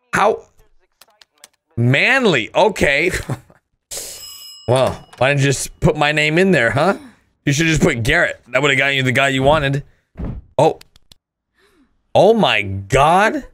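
A man hosting a casual reaction commentary in an excitable way, often bursting into loud laughter and gasps. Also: mid-range voice, takes it slowly, long pauses. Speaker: host.

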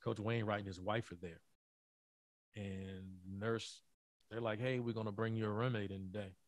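A middle-aged man, a former college basketball player, telling an earnest story in a podcast interview, often halting and repeating words. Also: fairly low pitch, steady tone, no echo.

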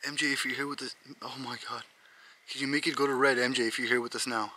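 A frightened young man vlogging outdoors at night by his car, talking in a hushed, jittery, breathless way. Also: medium pitch, steady tone, quick pace. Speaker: ghost-hunting vlogger. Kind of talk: tense casual vlog narration. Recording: noisy outdoor camera audio.

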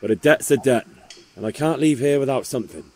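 A man's voice: medium pitch, fast, a little mellow, natural voice. An actor playing a young man sent to collect his father's debt, speaking bluntly and matter-of-factly. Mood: reasoning.

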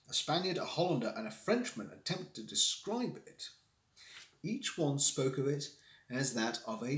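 A man voicing a cool, analytical gentleman detective who reasons aloud in a measured, lecturing manner, read from a classic story on a livestream. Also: a little high. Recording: roomy echo.

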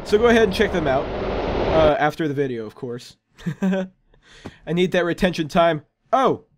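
A man hosting a let's play, commentating excitedly with loud exclamations and jokes. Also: a little high, normal speed. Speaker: gaming channel host.

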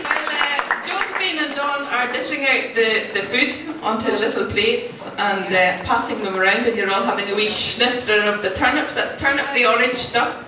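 A Scottish woman hosting a supper, reciting verse slowly and theatrically, then chatting to the diners. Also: on the high side. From Scotland. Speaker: host. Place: restaurant hall with diners. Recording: echoey room, far mic, crowd.

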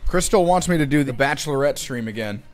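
A man's voice: mid-range voice, expressive, fast talker, faint music behind. A man streaming a game, chatting casually with friends and narrating in mock drama. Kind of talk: casual gaming chat.

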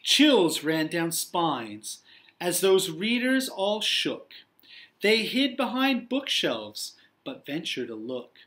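A young man, a teacher, reading a picture book aloud to young children in an encouraging, expressive way. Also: high voice, slow.

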